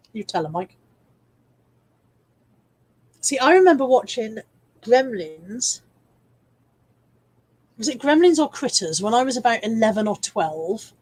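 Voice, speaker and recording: A middle-aged woman, chatting on a casual live stream. Her voice sits fairly high. She reads out comments in a cheeky, swearing, easygoing way and laughs often. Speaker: live stream host reading viewer comments. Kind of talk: casual chat.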